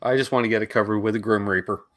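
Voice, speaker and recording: A man's voice: lowish voice, fairly even intonation, rapid-fire, fairly bright tone. A middle-aged Canadian man co-hosting a live guitar stream, chatting casually and reading out viewer names.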